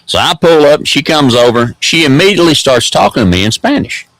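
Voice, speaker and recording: A man's voice: a little high, sing-song, fairly quick, fairly bright tone, no echo, rough recording. A man with an East Tennessee accent hosting a vlog, rambling through a casual story in a folksy drawl with lots of repeated words. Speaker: host.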